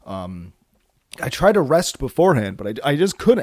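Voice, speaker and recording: A man's voice: fairly high pitch, big pitch swings, unhurried, pauses often, darkish tone, no room sound, studio quality. A man hosting a solo casual podcast, rambling and cursing with self-mocking jokes, tired from too little sleep. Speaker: podcast host.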